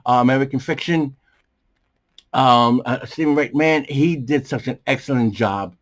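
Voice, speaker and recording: A man hosting a movie review show from a small bedroom studio, talking in a rambling, animated way with many fillers and a strained, coughing voice. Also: medium pitch, moderate pace. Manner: animated, jumps around, many fillers and restarts. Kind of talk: casual rambling commentary.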